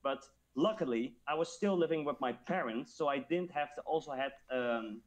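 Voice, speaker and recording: A man from the Netherlands recounting a trip in halting non-native English, pausing to search for words. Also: mid-range voice. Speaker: guest. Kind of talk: casual chat.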